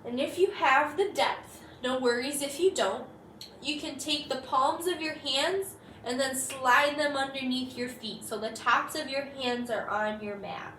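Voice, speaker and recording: A woman teaching a yoga flow, calmly cueing each breath and pose. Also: high voice, slight background noise. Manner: slow, calm cueing of breath and poses. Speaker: yoga instructor. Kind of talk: guided yoga class. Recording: echoey room from far off.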